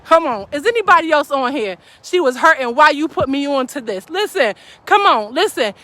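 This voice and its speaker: A woman's voice: high-pitched, lively intonation, moderate pace, a bit bright. A woman giving a fervent, preaching-style live stream talk, calling out to her audience as a faith speaker.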